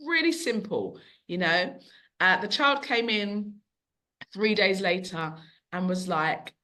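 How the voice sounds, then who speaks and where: A middle-aged woman who owns a bookshop, speaking as a podcast guest and telling long, animated stories. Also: medium pitch, slow. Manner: animated, long-winded storyteller who acts out quotes. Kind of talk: conversational storytelling.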